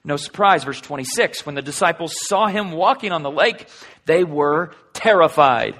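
A man preaching a sermon in a conversational way, asking the listeners rhetorical questions and swinging between loud and hushed delivery. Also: on the high side, expressive, moderate pace. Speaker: pastor.

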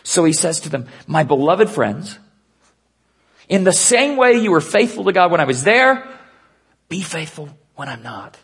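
A man preaching an earnest sermon, dropping to a hush and slowing down to stress key points. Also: fairly high pitch, big pitch swings, breathy edge. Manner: earnest preaching with hushed, slowed emphasis. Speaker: pastor.

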